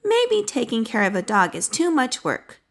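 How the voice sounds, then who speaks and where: A woman's voice: a little high, wildly swooping pitch, normal speed, vocal fry, full character voice. Give me a woman reading a practical, caring aardvark mom from a storybook. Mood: concerned.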